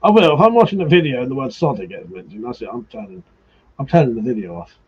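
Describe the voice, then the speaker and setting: A man's voice: mid-range voice, expressive, fast, a little mellow, breathy edge. A man hosting a live stream, chatting casually, swearing and laughing as he teases viewers, with slightly muffled audio. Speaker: livestream host.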